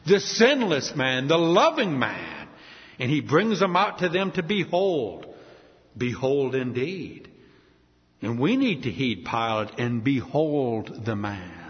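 A man preaching a sermon with emphatic, dramatic delivery and slow, stressed repetitions. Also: high voice. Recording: reverberant hall, dull lo-fi sound.

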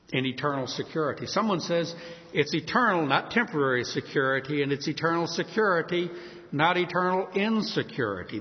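A male preacher delivers a sermon with a lively, swooping voice that sits a little high for a man, acting out the characters of his story. His voice rings out with a long reverb through a large hall. The recording sounds somewhat dull and muffled.

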